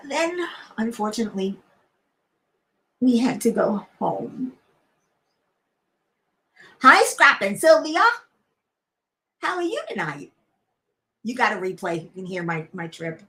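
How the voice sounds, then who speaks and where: A woman's voice: medium pitch, very animated, takes it slowly, long pauses, sharp tone. A middle-aged woman hosting a casual live stream, chatting in a rambling way with many fillers and restarts. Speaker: crafting channel host.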